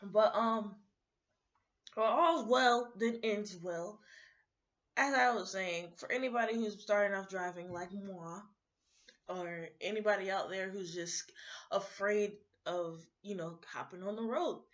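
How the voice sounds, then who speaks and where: A young adult woman vlogger in a rambling, animated casual rant, sounding sleepy. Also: mid-range voice, unhurried, lo-fi sound.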